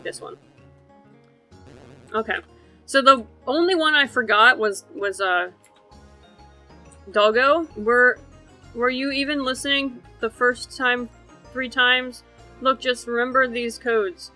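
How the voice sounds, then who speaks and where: A woman's voice: a little high, takes it slowly, bright, forceful tone, soft background music, low-quality recording. A young woman reading a fan comic dub aloud in a playful, casual way. She often stumbles over words and rereads her lines.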